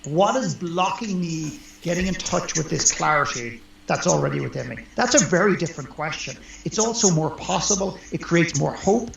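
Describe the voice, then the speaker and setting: A man's voice: a little high, expressive, normal speed, gravelly, hardly any pauses. A man who works as a life coach, speaking earnestly and emphatically as an interview guest. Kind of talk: conversational interview. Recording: roomy, dull lo-fi sound.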